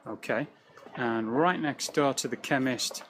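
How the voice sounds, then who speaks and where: A British man talks through an English vocabulary lesson as he walks a neighbourhood street. His voice sits in a middle range, relaxed and explanatory, with plenty of ums. Faint street ambience hums behind him. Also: medium pitch, measured pace, slight background noise, rough recording. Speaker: English teacher. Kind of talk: walking tour vocabulary lesson. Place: outdoors on a city street.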